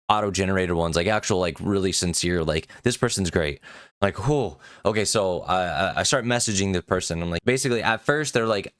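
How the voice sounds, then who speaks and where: A man's voice: low-pitched, a bit bright, clean tone, dry recording, clean studio sound. A man casually telling a rambling story to his viewers, with many fillers, acting out the back-and-forth of conversations. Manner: rambling, many fillers, acts out quoted exchanges. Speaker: trading card collector vlogger.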